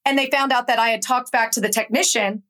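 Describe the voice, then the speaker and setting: Woman guest on an interview, a touch high-pitched, from georgia, animated storytelling. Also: fast talker. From Atlanta, Georgia. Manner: animated, acts out quoted voices in her stories. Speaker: guest author.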